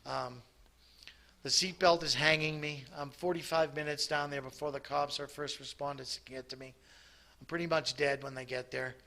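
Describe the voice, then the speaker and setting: A man giving a halting personal testimony at a recovery meeting, full of restarts and pauses. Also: a little high, fairly even intonation, vocal fry, sharp tone. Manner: halting, many restarts and ums.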